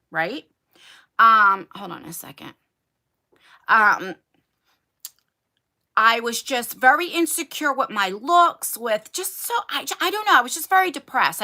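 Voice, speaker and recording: A talkative woman chats with her viewers on a livestream from her attic bedroom. Her voice sits fairly high and bright and swings widely in pitch. She talks to them directly, like a friend catching up. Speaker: beauty YouTuber. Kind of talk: casual livestream chat.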